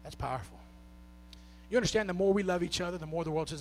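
There's slight background noise as a man with a Southern US accent preaches rapidly. His sermon alternates between shouted, nearly musical highs and soft, subdued talk.

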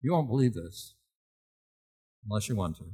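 Lively middle-aged preacher telling stories. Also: male voice, fairly low pitch, moderate pace, husky. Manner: folksy, quizzes the congregation. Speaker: pastor. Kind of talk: storytelling sermon.

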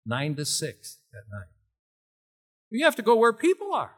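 Lively middle-aged preacher telling stories. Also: male voice, high voice, a little slow, slightly rough. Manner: folksy, quizzes the congregation. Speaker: pastor. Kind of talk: storytelling sermon.

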